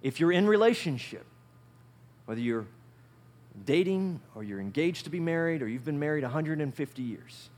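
A male pastor giving a conversational sermon, repeating phrases and swinging between loud and soft. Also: fairly high pitch.

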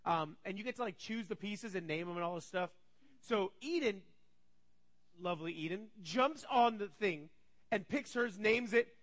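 A man in his thirties preaching, telling a family story and acting out his kids' voices with animated energy. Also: sits high, normal speed. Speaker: pastor. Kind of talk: storytelling sermon.

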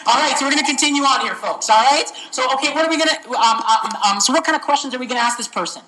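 An energetic woman tutoring for a medical exam, keeps asking the class whether they follow. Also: high-pitched, fast talker, few pauses, heavy background noise. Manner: energetic, keeps checking understanding. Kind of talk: interactive teaching session.

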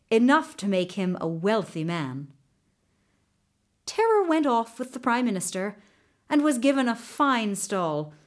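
Brief: woman narrator, slow and expressive, storybook reading. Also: medium pitch. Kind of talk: scripted narration.

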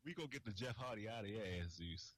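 A man co-hosting a wrestling podcast in casual chat, loud and profane, laughing often. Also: on the low side, lively intonation, fast, poor audio. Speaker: podcast co-host.

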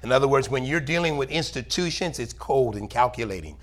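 A man's voice: mid-range voice, lively intonation, fairly quick, fairly bright tone. A male pastor preaching a sermon in church, reading scripture aloud and asking for amens. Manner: preaching, calls for amen, reads scripture aloud.

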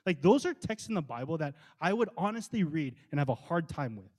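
A man delivers a sermon with a voice pitched a little on the high side. He preaches with passion, stacking rhetorical questions. He speeds through some passages and slows down to stress others. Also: big pitch swings, a little mellow. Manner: impassioned, rhetorical questions, swings between quick and slow emphatic delivery. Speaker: pastor.

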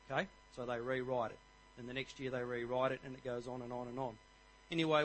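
Bright-voiced, high-pitched man. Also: a little hiss or hum, poor audio. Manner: jokey, energetic, rallying the crowd. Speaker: guest speaker at church. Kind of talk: church talk on marriage.

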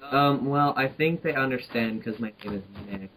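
A man's voice: mid-range voice, moderate pace, a bit bright, poor audio. A young man co-hosting a casual podcast, joking and laughing often, with many fillers. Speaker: podcast co-host. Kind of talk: casual chat.

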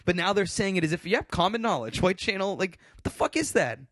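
A man with a fairly high, lively voice talks fast on a podcast, sounding incredulous and tossing in "like" and the odd curse. The sound is dry and close, with no room around it. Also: no room sound. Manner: animated, incredulous, swearing, filler-heavy. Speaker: podcast co-host. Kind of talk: casual chat.

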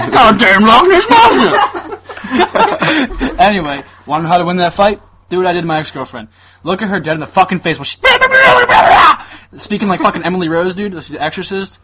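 A young man hosting a podcast in crude casual chat, loud, laughing and rambling with lots of profanity. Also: high-pitched, big pitch swings, quick pace, very noisy. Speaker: podcast host.

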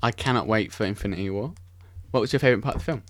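In film chat on his casual podcast, a young host races along in a fairly low-pitched voice, recorded with no echo. His talk is an eager ramble about movies, punctuated by self-corrections.

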